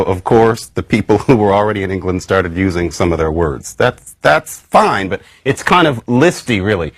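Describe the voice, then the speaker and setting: A man giving a recorded academic lecture in a wry, conversational way, jumping up high in pitch for emphasis. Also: no room sound. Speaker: university lecturer.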